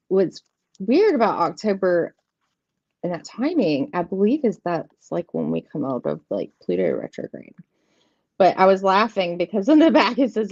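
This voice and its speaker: A woman's voice: medium pitch, huge pitch swings, measured pace, pauses often, a little mellow, dry recording. A woman, hosting a casual live tarot stream, chatty and giggly, rambling and greeting viewers by name. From southeastern United States. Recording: dull lo-fi stream audio, dry.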